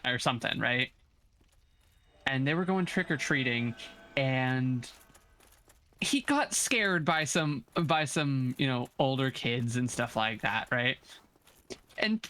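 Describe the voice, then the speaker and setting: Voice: mid-range voice, a bit bright. Teasing, laughing co-streamer. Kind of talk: casual gaming chat.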